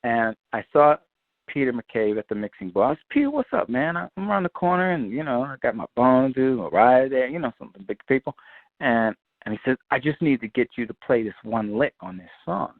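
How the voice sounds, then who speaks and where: A man, a guitarist, telling an animated, profane story and acting out the other people's voices. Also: mid-range voice, fairly quick, dry recording, phone-quality sound. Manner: lively, swears freely, acts out quoted voices.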